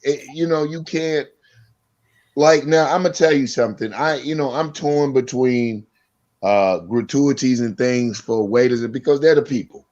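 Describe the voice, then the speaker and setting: A man with a mid-pitched voice holds forth in casual discussion, earnest and a bit speechifying. The recording sounds slightly dull and lo-fi. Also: measured pace, a little mellow.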